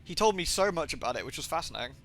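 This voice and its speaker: A man from southwest England, his accent a blend of Somerset and Birmingham, streams a game from home while rambling casually and swearing freely. His voice is on the high side and sing-song, very fast and fairly bright, with a little hiss or hum in the audio.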